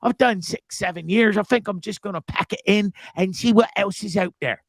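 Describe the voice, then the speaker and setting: A man's voice: high voice, normal speed, vocal fry, dry recording, clean studio sound, pitched above the performer's own voice. A man putting on a chirpy upper-crust English talk-show host voice, with an exaggerated plummy lilt. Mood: mocking.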